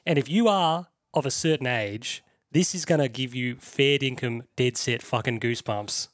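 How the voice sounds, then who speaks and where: A man's voice: medium pitch, moderate pace. A man hosting a podcast, chatting casually and enthusiastically about old films, swearing freely. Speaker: podcast host. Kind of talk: casual chat.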